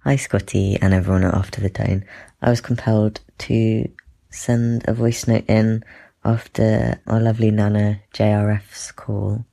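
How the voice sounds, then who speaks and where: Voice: mid-range voice, little pitch movement, unhurried, creaky, dark tone. A caller leaving a thoughtful, hesitant voice note on a phone. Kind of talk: reflective voice note.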